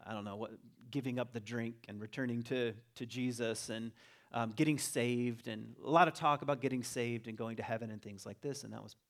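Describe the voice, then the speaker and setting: A middle-aged man with a mid-range voice tells a family story in an unhurried, conversational way. He circles back, restarts phrases and leans on fillers as he talks to a gathered audience. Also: mid-range voice. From Virginia. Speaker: teacher giving a talk. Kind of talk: personal storytelling talk.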